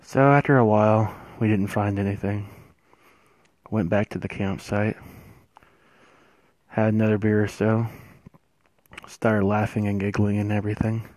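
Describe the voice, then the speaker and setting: A man telling a first-person horror story, hushed and suspenseful, with drawn-out pauses. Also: on the low side, level tone, dry recording.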